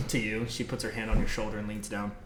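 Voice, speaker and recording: A man's voice: fairly low pitch, fairly even intonation, brisk. Casual man running a tabletop game. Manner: casual, playful. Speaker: game master. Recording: echoey room with background noise.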